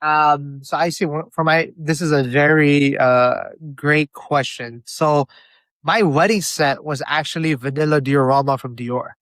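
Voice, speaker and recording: A man's voice: on the high side, a little slow, dry recording. A young man from Miami, a guest telling stories in a casual chat over a video call. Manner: chatty, animated storyteller.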